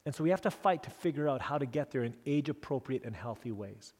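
A man's voice: medium pitch, expressive, fast talker, a little mellow, slightly rough. A middle-aged male pastor giving a storytelling sermon, earnest and self-deprecating, with frequent restarts. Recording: long hall reverb.

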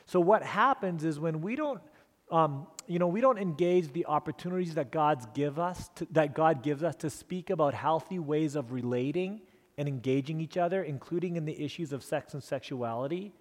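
Brief: man in his forties, pastor, high voice, earnest self-deprecating storyteller, long hall reverb. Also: normal speed. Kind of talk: storytelling sermon talk.

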